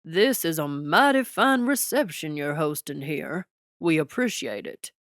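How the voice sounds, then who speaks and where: A woman voicing an older male American president with a booming, slightly raspy voice and a Texas twang, in an audiobook. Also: animated, unhurried, a bit bright, no room sound, clean studio sound. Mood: folksy. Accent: Texas twang, put on.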